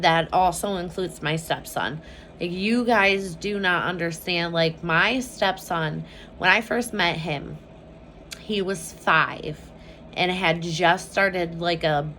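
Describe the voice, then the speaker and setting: A mother speaks candidly to her camera at home, her voice sitting a little low and moving at a slow, unhurried pace. She is open and emotional, leaning on filler words and casual swearing as she talks. A faint hiss of noise hangs behind her. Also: a bit bright. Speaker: mother vlogging about her family. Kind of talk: casual personal vlog chat.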